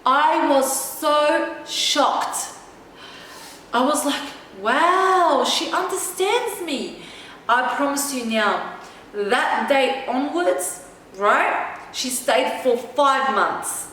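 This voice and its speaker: Woman vlogger, high voice, emphatic chatty storytelling; very echoey room, distant mic, faint noise. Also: drawn-out words, a bit bright. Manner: emphatic, chatty, keeps checking in with "okay?". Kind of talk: personal storytelling to camera.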